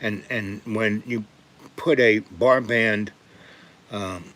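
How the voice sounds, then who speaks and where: An older man from New York City rambles through personal stories on his live stream. His voice sits a little low, and he keeps stopping to clear his throat and cough. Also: fairly even intonation, takes it slowly, a bit bright. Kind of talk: rambling storytelling.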